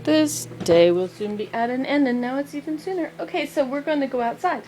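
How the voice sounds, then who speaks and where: Lady rambling to her camera in the garden, kinda high voice, faint noise behind. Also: animated, brisk, dark tone. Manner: chatty, meandering, talks to herself and the camera. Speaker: vlogger. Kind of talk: casual rambling vlog. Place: home garden, outdoors.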